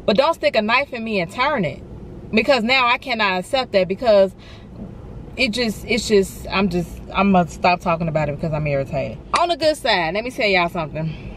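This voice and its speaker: Animated woman venting to her viewers. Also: mid-range voice, brisk, a little hiss or hum. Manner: animated, talks straight to viewers with lots of y'all and honey. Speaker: vlogger. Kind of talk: casual ranting chat to viewers. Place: inside a car.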